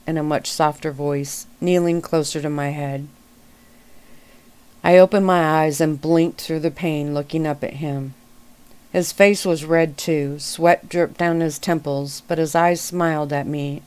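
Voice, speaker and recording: A woman reading a story aloud in a gentle, calm, unhurried way. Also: low voice, clear, resonant tone. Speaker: reader. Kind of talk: soft-spoken story reading.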